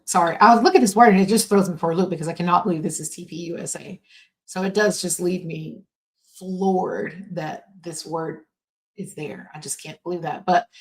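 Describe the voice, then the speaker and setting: Woman doing a home podcast, lowish voice, lots of ums and restarts, just chatting casually. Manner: halting, with many fillers and restarts. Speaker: podcast host.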